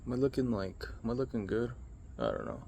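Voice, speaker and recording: This young man, who vlogs and streams, speaks fairly quickly in a creaky mid-range voice, rambling through relaxed late-night stories with plenty of fillers. Slight background noise is present.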